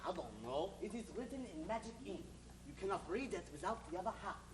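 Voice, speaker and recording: A hammy mock-French informant, played by a woman on stage, sliding between a put-on French accent and a put-on German one with a lively, swooping voice. The sound is roomy and comes from far off the mic, with steady noise underneath. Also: medium pitch, a little fast, close to an everyday voice. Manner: hammy, theatrical. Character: woman playing a fickle fake-French informant. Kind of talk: amateur stage comedy.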